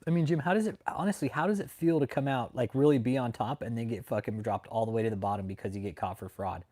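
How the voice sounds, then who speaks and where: Male livestreamer, mid-pitched, swears constantly, mocks his targets, laughs between lines, greets chat by name. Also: fast talker, mellow. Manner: profane, mocking, laughs often. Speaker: livestream host. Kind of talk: casual livestream commentary.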